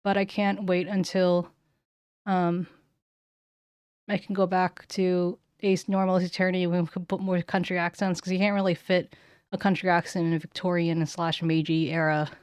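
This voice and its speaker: Lower-voiced woman chatting on stream. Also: little pitch movement, normal speed, darkish tone, clean tone, dry recording, clean studio sound. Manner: rambling, searches for words. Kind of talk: casual stream chat.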